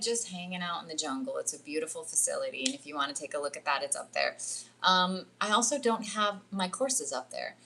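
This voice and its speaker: A middle-aged spiritual coach livestreams from home at a jungle retreat, her lowish voice sounding pushed and bright. She chats casually, says "like" often and imitates the voices she quotes.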